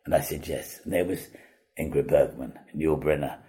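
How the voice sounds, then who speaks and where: Older man, husky storyteller. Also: rumbling low, normal speed. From Wales. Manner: chatty, self-deprecating, lively with hesitations. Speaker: veteran actor guest. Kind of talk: anecdotal storytelling.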